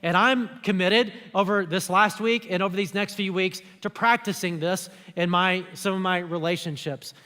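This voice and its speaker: Pastor, man, high voice, easygoing sermon style, big church reverb. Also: steady tone, normal speed, few pauses, pushed and bright, smooth. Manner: conversational preaching, acts out quoted speech. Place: church auditorium.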